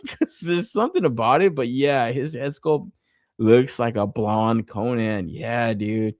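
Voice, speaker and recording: A man's voice: medium pitch, takes it slowly, no echo, clean studio sound. A man co-hosting a toy collecting podcast, chatting casually and swearing constantly as he reviews an action figure. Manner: profane, animated, laughs often. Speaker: podcast co-host.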